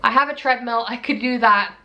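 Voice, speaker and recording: A woman's voice: a little high, fairly quick, lo-fi sound. A young woman vlogging about her pregnancy in a chatty, candid way, a little out of breath as she talks. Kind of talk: casual pregnancy update vlog.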